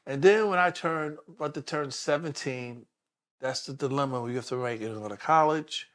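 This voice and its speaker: A man's voice: medium pitch, fairly quick. A man, a guest telling stories from his life in an interview and acting out the people he quotes. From Brooklyn, New York. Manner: animated storyteller who acts out the people he quotes. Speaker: guest, detective. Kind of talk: personal storytelling in a sit-down interview.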